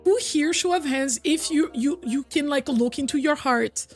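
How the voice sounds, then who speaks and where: Soft music plays in the background as a young woman streams a game, speaking in a high voice at a moderate pace. Still recovering from a cold, she chats casually, reads and answers her chat, and hums or sings little bits.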